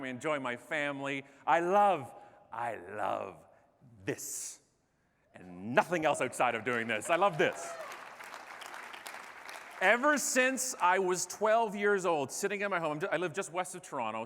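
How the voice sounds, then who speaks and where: Animated man joking on a stage. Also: fairly high pitch. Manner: animated, joking, self-deprecating. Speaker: keynote speaker. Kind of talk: comedic keynote speech. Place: large conference stage. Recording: echoey hall.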